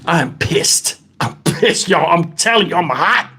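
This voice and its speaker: A man's voice: a little high, animated, measured pace, noisy background. A middle-aged man hosting a live stream, talking bluntly and profanely and sounding shaken as he answers his chat. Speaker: livestream host. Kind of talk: casual livestream talk.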